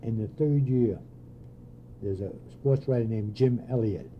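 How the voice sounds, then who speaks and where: An older man, a former pitching coach, telling anecdotes in an interview and voicing the people he quotes. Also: a little slow, highs cut off, slight background noise. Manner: animated anecdotes with voiced quotes and laughs. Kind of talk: storytelling interview.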